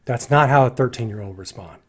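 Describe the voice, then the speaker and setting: Animated man picking apart a film. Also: mid-range voice, a little fast, loud music behind the voice. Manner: animated, critical, acts out lines in voices. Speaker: movie reviewer. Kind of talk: casual spoken film critique.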